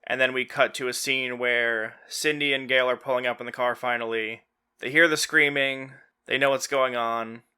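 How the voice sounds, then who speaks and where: A man's voice: mid-range voice, fairly even intonation, normal speed, bright, forceful tone, clear, resonant tone. A man hosting a podcast, casually retelling a film scene by scene and quoting the characters in his own voice, with lots of "you know" and "like". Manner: heavy use of fillers like "you know" and "like". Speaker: podcast host. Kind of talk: casual movie recap.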